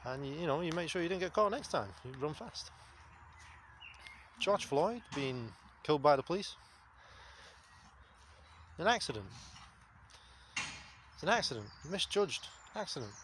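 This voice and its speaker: A man's voice: a little high, big pitch swings, a little slow, long pauses, a bit bright. Man, 30s, blunt, swears a lot, faint background noise. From England. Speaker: vlogger. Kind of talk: casual spoken monologue.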